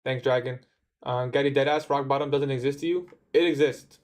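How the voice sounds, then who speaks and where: A man's voice: medium pitch, steady tone, fairly quick. A young man chatting casually on his day-trading livestream, answering viewer comments in a laid-back way. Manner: laid-back, says "bro" often, talks back to chat.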